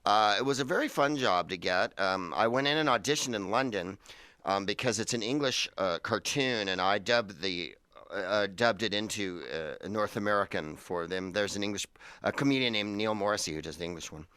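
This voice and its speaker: A man's voice: fairly low pitch, moderate pace, bright, forceful tone, clean tone, no room sound. A man who is a comedian, chatting wryly as a guest in a radio interview. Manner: wry, joking.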